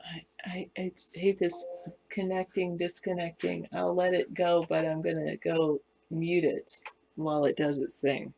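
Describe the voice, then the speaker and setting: A woman with a Southern Californian accent chats on a live stream and answers viewers' comments. Her voice is low and carries a gravelly fry. She talks unhurriedly, rambling and correcting herself as she goes. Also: flat delivery, measured pace, dark tone. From West Virginia, US South. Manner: rambling, self-correcting, chatty.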